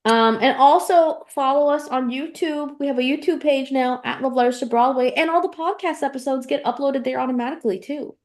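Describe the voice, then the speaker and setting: A young woman with a high, bright-pitched voice co-hosts a podcast in loose, chatty talk. She speaks casually and drops in a friendly y'all. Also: brisk, few pauses. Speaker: podcast co-host. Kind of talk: casual chat.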